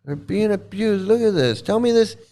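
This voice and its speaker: A man's voice: high voice, expressive, normal speed, vocal fry, warm tone. A man hosting a casual reaction commentary, blunt and mocking, who swears freely and repeats his points. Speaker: channel host commenting on a livestream.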